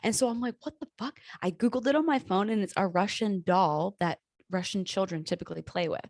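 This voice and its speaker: A woman hosting a podcast in casual chat. She talks in an animated way, swears freely and laughs often. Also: mid-range voice, brisk, no echo, studio quality. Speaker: podcast host.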